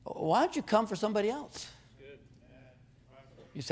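A man's voice: sits high, fairly quick, long pauses. A man preaching a sermon, telling stories with humor and stumbling over repeated words as he builds his points. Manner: animated storytelling, jokes with the crowd, repeated words.

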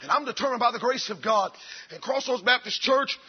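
A man preaching a fiery sermon as pastor, swinging between shouted lines and low, quiet passages. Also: animated, fairly quick, breathy edge, highs cut off.

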